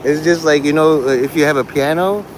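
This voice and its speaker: A man's voice: on the high side, moderate pace, slight background noise. A man hosting a casual livestream, rambling, laughing often and swearing freely. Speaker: livestream host.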